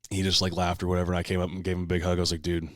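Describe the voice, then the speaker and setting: A man hosting a casual podcast, telling a competition story with lots of swearing, and loudly acting out what he shouted. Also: low voice, very fast, no room sound, studio quality. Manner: animated storyteller, swears a lot, shouts out quoted lines. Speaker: podcast host. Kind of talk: casual chat.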